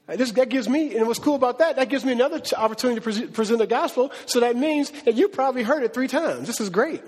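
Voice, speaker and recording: High-voiced animated male pastor. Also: fast talker, hardly any pauses, big-room sound. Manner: animated, conversational, slangy. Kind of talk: sermon.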